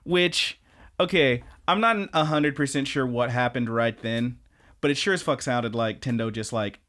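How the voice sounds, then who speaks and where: A man's voice: mid-range voice, normal speed, a bit bright. A man co-hosting a podcast, recapping scenes in casual chat and acting out the characters' lines with lots of laughter. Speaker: podcast co-host.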